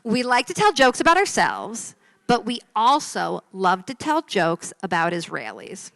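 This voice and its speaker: A woman's voice: mid-range voice, measured pace, gravelly, no room sound. A woman telling jokes to a live audience, acting out the characters with voice shifts and dropping to a whisper for effect. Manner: lively storyteller, drops to whispers for effect. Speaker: joke teller. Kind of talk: stand-up joke telling.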